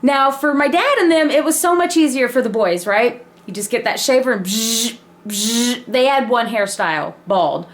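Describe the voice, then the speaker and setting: A woman telling a personal story in a casual, animated way, laughing and swearing freely. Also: on the high side, normal speed. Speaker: vlogger.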